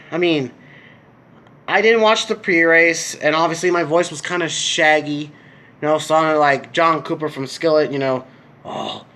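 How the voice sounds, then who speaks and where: A man's voice: fairly high pitch, a bit bright. Rambling young American man. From United States. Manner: rambling, lots of fillers and restarts. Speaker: vlogger. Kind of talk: casual race review. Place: indoor room with a TV.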